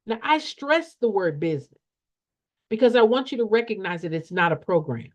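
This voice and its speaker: Blunt, animated woman coach. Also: mid-range voice, normal speed. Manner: blunt, repetitive, preachy with rhetorical questions; folksy, slangy talk. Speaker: nonprofit funding coach. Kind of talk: emphatic motivational teaching. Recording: dull lo-fi sound.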